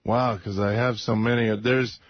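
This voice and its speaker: A man's voice: medium pitch, flat delivery, dry recording. Unabashed man on a talk radio show. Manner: earnest, unabashed, drawn-out explanations. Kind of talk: casual comic radio banter. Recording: dull lo-fi radio broadcast audio.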